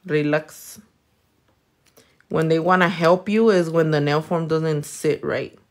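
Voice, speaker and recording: A woman's voice: low-pitched, fairly even intonation, slow. A woman from California with a Californian accent, chatting casually and playfully while doing nails. She swears freely and mixes Spanish words into her talk. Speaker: nail technician. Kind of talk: casual chat while working, reading comments.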